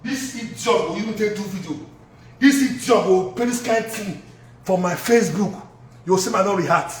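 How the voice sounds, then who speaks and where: Man ranting mad in nigerian pidgin, real high voice, sounds far off in a super echoey room. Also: moderate pace. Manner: heated, insulting, rambling. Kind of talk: angry social media rant.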